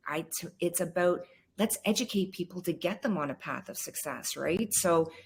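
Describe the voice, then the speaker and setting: Effusive, rambling low-voiced woman host. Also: normal speed. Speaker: podcast host. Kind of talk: interview conversation.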